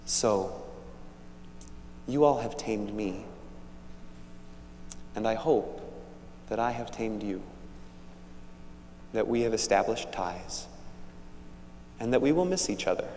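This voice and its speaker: A minister telling a story to the children during a church service in a gentle, warm manner. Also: male voice, fairly low pitch. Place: large church sanctuary. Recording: echoey church hall, faint hum.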